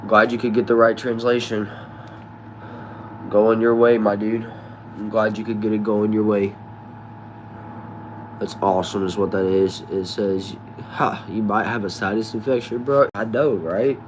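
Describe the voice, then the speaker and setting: This is a casual live chat where a man reads comments aloud and talks back in relaxed slang, calling viewers y'all and bro. His lowish voice is steady and a little slow, with frequent pauses, and there's a slight hiss or hum.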